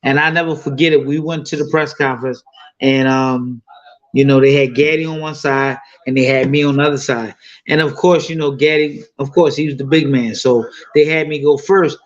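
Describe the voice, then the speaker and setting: A man's voice: mid-range voice, fairly even intonation, moderate pace, highs cut off. A man in his fifties telling a fight story in loose, profane casual talk full of fillers. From United States. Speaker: boxing guest.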